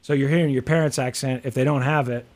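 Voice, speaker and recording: A man's voice: mid-range voice, steady tone, quick pace. A man with a Midwestern American accent, co-hosting a casual chat, musing aloud with lots of fillers and restarts. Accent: General American Midwest. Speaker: co-host.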